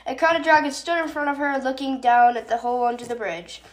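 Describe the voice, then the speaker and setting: A woman's voice: sits high, fairly even intonation, quick pace. Woman podcaster reading her story, chatty, lots of ums, fixes her slips. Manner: chatty, many fillers and self-corrections. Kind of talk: casual reading aloud.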